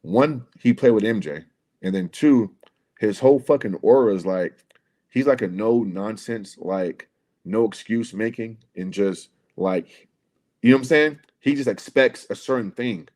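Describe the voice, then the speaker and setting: A man's voice: lowish voice, measured pace, a little mellow. A man on a casual livestream telling a long, rambling story, swearing often and calling the listener "bro". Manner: profane, rambling, repeats "bro" and "right?". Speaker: podcast co-host telling a story.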